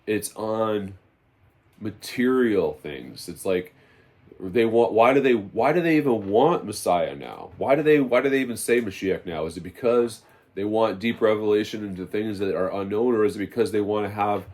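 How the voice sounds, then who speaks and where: A man with a fairly low voice preaches his testimony with fervor. He drives his points home by repeating key phrases, and his tone stays emphatic and insistent. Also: lively intonation, normal speed, darkish tone. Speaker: religious teacher sharing his testimony. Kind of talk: impassioned spoken testimony.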